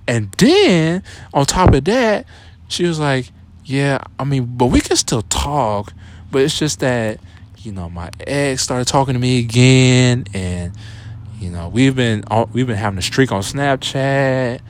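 A man's voice: medium pitch, animated, a little slow, slight background noise. A young man hosting a podcast, casually telling a personal story to his listeners, his voice jumping up when exasperated. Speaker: podcast host.

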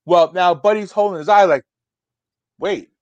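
A man's voice: a little high, a little fast, no echo, dull audio. A man in his forties casually telling a profane story on a podcast, acting out the people in it. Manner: profane, animated, acts out quotes. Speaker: storyteller guest.

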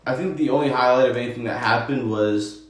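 Podcast host, male, mid-pitched, halting recaps, very echoey room. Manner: hesitant, fills gaps with "um" while recapping. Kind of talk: casual chat.

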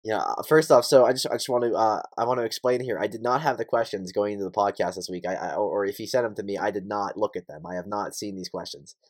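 A man co-hosting a casual podcast, with a somewhat low voice. He talks quickly but in a relaxed way, often repeating words and filling gaps with 'like'. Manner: laid-back, repetitive, with frequent 'like'. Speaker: podcast co-host.

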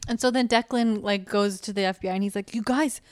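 A woman's voice: mid-range voice, fairly even intonation, fast talker, smooth, no echo, clean studio sound. A young woman co-hosting a podcast, chatting casually and laughing as she recaps a movie and puts on voices for the characters. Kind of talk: casual chat.

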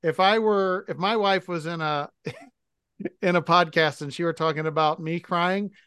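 A man's voice: fairly high pitch, fairly even intonation, moderate pace, bright, forceful tone, clean tone, no echo, studio quality. A man co-hosting a podcast, talking candidly and reflectively, thinking aloud with restarts. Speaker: podcast co-host. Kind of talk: casual podcast chat.

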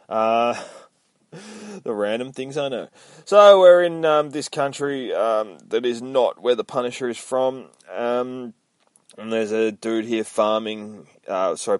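A man's voice: mid-range voice, dry recording. A man hosting a casual comic book recap podcast, rambling, swearing a lot and mocking himself. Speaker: podcast host.

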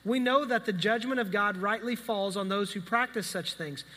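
A male pastor with a high voice tells a story from the pulpit in a relaxed, animated sermon. He has a bright, forceful tone, and his words ring with the long reverb of a hall. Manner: conversational, animated storytelling with quick asides.

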